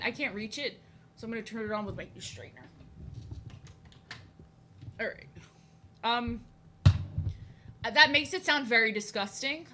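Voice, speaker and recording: A woman's voice: mid-range voice, bright, forceful tone, slight background noise. A young woman from the United States chatting casually while she draws on a live stream, rambling and making fun of herself. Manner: rambling, self-deprecating, jokey. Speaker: art streamer.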